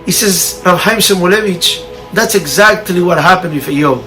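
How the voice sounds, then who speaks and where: Male preacher, bright high voice, non-native English phrasing, storytelling sermon. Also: normal speed, soft background music, low-quality recording. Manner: tells a parable, raising his voice for quoted lines. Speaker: Torah teacher.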